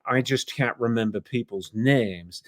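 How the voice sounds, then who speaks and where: An English author appears as a podcast guest, telling rambling stories packed with asides and fillers in a casual interview. His mid-range voice is a little slow, recorded with studio quality and no room sound.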